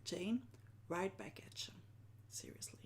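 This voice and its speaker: A woman, a live-streaming art journaling teacher who often sinks into a soft whisper and laughs at herself. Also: on the low side, huge pitch swings, unhurried, creaky. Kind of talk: live-stream talk to viewers.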